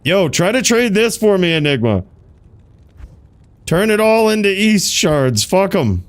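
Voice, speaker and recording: A man's voice: sits high, very animated, unhurried. Laid-back cursing gaming streamer man. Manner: laid-back, profane, chatting with viewers while playing. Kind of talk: casual gaming commentary.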